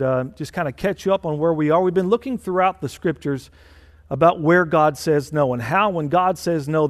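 A man's voice: on the high side, long reverb tail. A man preaching a sermon as senior pastor, emphatic and repeating phrases for stress. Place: church.

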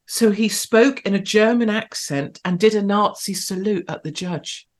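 A woman hosting an online show, giving provocative, sarcastic commentary and talking to her live chat. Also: measured pace. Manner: provocative, sarcastic, big swings in pitch and loudness.

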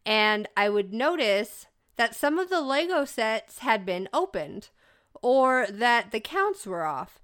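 A woman's voice: on the high side, sing-song, slow, fairly bright tone. A woman co-hosting a casual storytelling chat who laughs readily and reacts with surprise. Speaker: co-host and storyteller.

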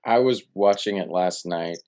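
Casual co-host, male, low voice, gushes and restarts a lot. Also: moderate pace. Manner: excitable, gushing, trails off and restarts. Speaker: podcast co-host. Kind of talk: casual chat.

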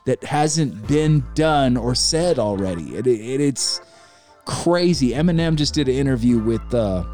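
A man's voice: mid-range voice, unhurried. Guy on a podcast, rambling and hyped, swears a lot, faint music behind. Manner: excited, rambling, swears freely. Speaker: podcast host. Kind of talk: casual chat about hip hop.

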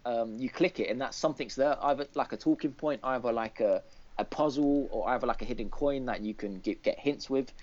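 Fairly quick and a little mellow, his mid-range voice carries a rambling, filler-heavy retelling with lots of restarts. He is a co-host chatting casually on a gaming podcast, recorded as dull lo-fi podcast audio.

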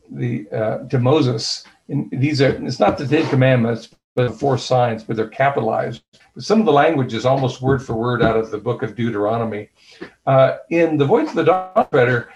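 A man being interviewed as an author talks in a considered, explanatory way. He pauses often with fillers and restarts his sentences. He retells scenes by quoting the dialogue. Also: medium pitch, a little mellow, highs cut off. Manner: thoughtful, with many fillers and restarts. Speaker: author and guest.

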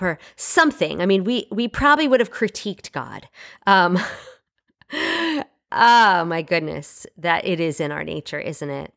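A woman's voice: lowish voice, very animated, normal speed, gravelly, fairly bright tone. Woman giving an earnest devotional talk. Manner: conversational and earnest, with frequent fillers. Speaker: Bible teacher. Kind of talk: casual devotional teaching.

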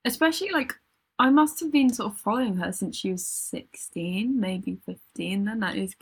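Woman co-host, husky tone, casual rambling music chat with frequent laughs. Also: medium pitch, moderate pace. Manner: rambling, self-interrupting, laughs often. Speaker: podcast co-host.

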